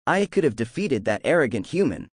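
A man's voice: mid-range voice, big pitch swings, brisk, no echo, studio quality. A man voicing a proud young god who defies his father while in pain, in a fan-made audiobook. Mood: defiant. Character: young defiant god son, wounded and proud.

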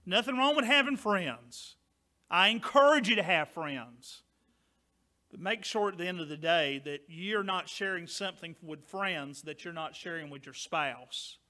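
A man preaching a sermon as pastor, loud and emphatic, dropping now and then to quieter asides. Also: high-pitched, measured pace.

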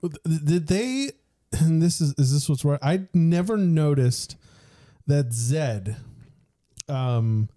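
A man's voice: fairly high pitch, animated, slow pace, warm tone. A man in his thirties co-hosting a casual nostalgia podcast, rambling and laughing often as he restarts his thoughts. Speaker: podcast co-host. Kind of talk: casual chat.

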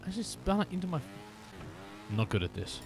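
A man's voice: a little high, big pitch swings, quick pace, vocal fry, a little hiss or hum. Man teasing his stream viewers. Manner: playful, teasing chat with viewers, drops into whispers. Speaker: game streamer. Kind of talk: casual live-stream chat.

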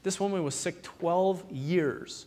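A man preaching a sermon, retelling Bible stories with lively, animated delivery and quoting the figures in his own voice. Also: high-pitched, slow. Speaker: pastor. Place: church sanctuary. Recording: long hall reverb in a church.

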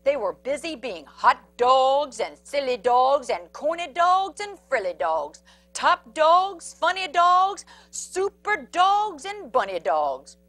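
A woman storyteller reading a picture book aloud to children, animated, with sound effects and asides about the pictures. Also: high voice, slow, dry recording, soft background music.

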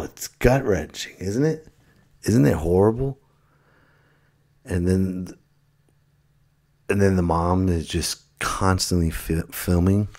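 Comedy podcast host, male, deep voice, rambling monologue with loud bursts and muttered asides. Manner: rambling, self-interrupting, jumps between loud and muttered. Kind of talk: comic monologue.

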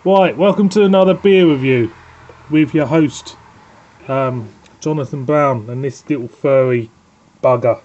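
A man's voice: medium pitch, measured pace, darkish tone, lo-fi sound. A man with a Northern English accent hosting a casual home beer review, chatty and rambling, often breaking off to scold his dog.

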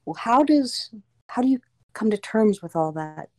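A woman's voice: on the high side, expressive, a little slow, darkish tone. A woman interviewing a guest and asking thoughtful, probing questions in a casual way.

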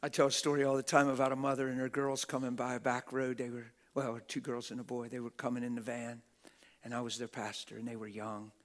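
A middle-aged man preaching a passionate, folksy sermon, often laughing and bursting into shouts. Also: mid-range voice, little pitch movement, fast. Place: church hall with a congregation.

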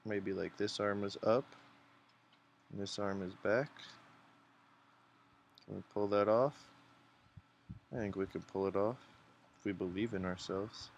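A man's voice: lowish voice, steady tone, measured pace, gravelly, pauses often, muffled recording, a little hiss or hum. A man hosting a casual drawing tutorial, chatty and encouraging, thinking aloud as he sketches. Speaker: art tutorial host.

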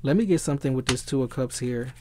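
A man giving a casual tarot reading who gets excitable, swears freely and often searches for the right word. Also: medium pitch, quick pace, a little hiss or hum. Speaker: tarot reader.

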